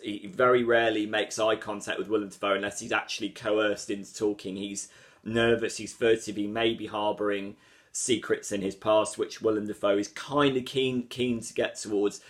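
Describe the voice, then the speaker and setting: A man reviewing a film to camera. He is articulate and emphatic, and he doubles up words for stress. His voice sits a little low. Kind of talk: solo video review.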